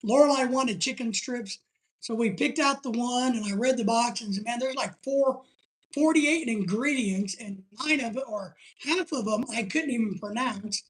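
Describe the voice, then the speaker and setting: A high-pitched woman with a husky, breathy edge hosts a casual live stream. She rambles in a chatty way and reads viewer comments aloud as she goes. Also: normal speed.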